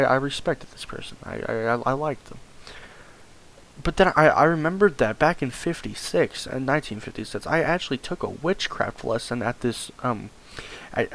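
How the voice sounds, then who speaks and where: A man's voice: mid-range voice, fairly bright tone, slight background noise. A man telling a rambling comedic story, stammering and repeating words and swearing often.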